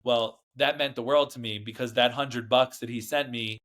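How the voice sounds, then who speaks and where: In a candid storytelling interview, a male guest looks back on his life with emphasis, wandering off track and performing other people's lines himself. He speaks at medium pitch and a moderate pace, his tone steady and fairly bright.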